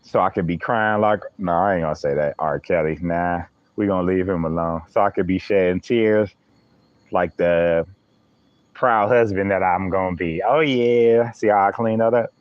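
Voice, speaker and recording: A man's voice: low-pitched, moderate pace, no room sound, highs cut off. A man using hosts a live stream, chatting playfully with viewers and laughing often. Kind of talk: joking live-stream chat.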